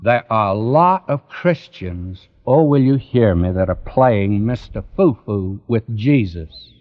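Slow, earnest preacher on a muffled old recording. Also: male voice, on the low side, lively intonation. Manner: earnest, pleading, rising emphatic swells. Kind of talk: radio Bible sermon. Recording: dull lo-fi radio recording.

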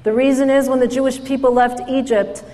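A woman giving a storytelling speech at an event, lively as she acts out the people in her stories. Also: high-pitched, brisk. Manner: animated storyteller, acts out quoted voices. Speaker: speaker at an event. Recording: hall reverb.

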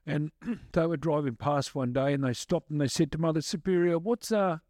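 A man's voice: on the high side, fairly quick, a little mellow, no echo, clean studio sound. A man, a guest musician, answering questions in a chatty, rambling way full of restarts. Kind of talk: casual storytelling answers.

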